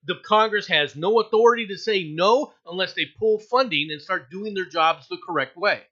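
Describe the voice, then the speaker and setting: An American man co-hosting a casual news stream, opinionated and quick to laugh. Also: sits high, muffled recording. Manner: animated, opinionated, laughs often. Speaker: co-host reading news stories.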